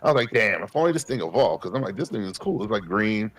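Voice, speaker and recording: A man, co-hosting a podcast and telling animated, profane stories, acting out his past self. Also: fairly low pitch, fast. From Queens, New York. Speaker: podcast co-host. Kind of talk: casual chat.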